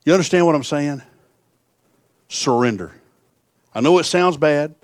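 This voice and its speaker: A man's voice: fairly high pitch, a little slow, long pauses, dry recording, clean studio sound. A middle-aged man preaching a sermon, telling folksy stories that swell into fervent appeals.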